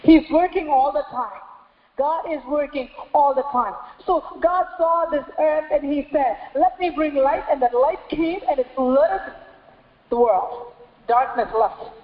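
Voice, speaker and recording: A woman pastor preaching a sermon, repeating phrases in a steady cadence and asking rhetorical questions. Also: high voice, measured pace. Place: church hall. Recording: echoey church hall, slightly dull sound.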